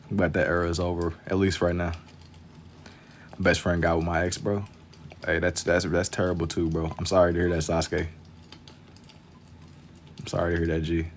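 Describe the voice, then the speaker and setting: Chill young dude drawing on a late night stream, deep voice, slangy and low-key, faint hiss behind. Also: male voice. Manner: laid-back, slangy, kept quiet for late night. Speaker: live-stream artist. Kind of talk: casual chat with viewers while drawing.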